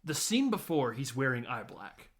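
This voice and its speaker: A man recounts a film scene by scene in loose, profane chat. He laughs often and drops into quick quoted lines as he goes, at a middle pitch. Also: big pitch swings, a bit bright. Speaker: podcast host. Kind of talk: casual film recap.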